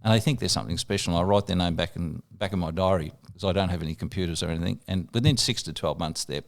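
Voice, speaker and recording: An older Australian man, a veteran radio broadcaster, telling long anecdotes in a relaxed podcast interview. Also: low voice, fast talker. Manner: anecdotal, relaxed storyteller, brief quoted voices.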